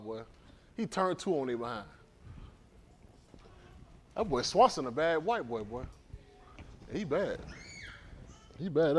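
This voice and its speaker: Animated man joking with congregation. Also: on the high side. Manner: teasing, storytelling, animated. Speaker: congregation leader. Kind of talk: casual joking banter before a service. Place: indoor congregation hall.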